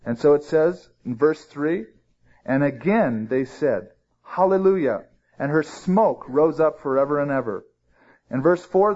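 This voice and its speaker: A man's voice: fairly high pitch, a little mellow. Lo-fi recorded man teaching scripture. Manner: conversational, rising emphasis on key phrases. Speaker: pastor. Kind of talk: verse-by-verse Bible teaching. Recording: dull lo-fi sermon recording.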